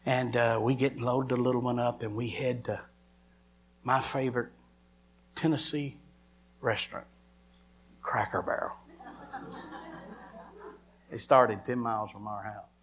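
A man, a preacher giving an emotional sermon testimony and swinging from loud lines to hushed whispers. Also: medium pitch, steady tone, moderate pace, pauses often, slight background noise.

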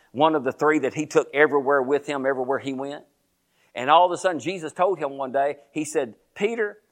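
A man with a Texan accent preaching a sermon, telling the story with animated delivery, putting questions to the congregation. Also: fairly high pitch.

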